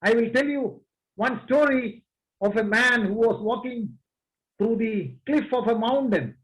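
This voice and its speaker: Slow, high-voiced preacher. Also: male voice, animated, a bit bright, poor audio. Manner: slow, emphatic, addresses the congregation. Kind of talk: sermon.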